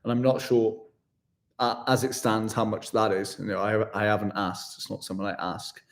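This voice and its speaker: A man's voice: on the low side, level tone, normal speed. A man, chatting casually as he answers viewer questions in a vlog, self-deprecating and calling people "mate". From West Yorkshire, England. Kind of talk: casual live Q&A.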